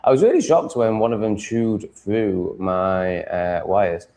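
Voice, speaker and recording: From home, with cats around, an English-accented man chats with his livestream viewers in a blunt, profane, ranting way. He is unhurried, with a lowish voice and a dark tone.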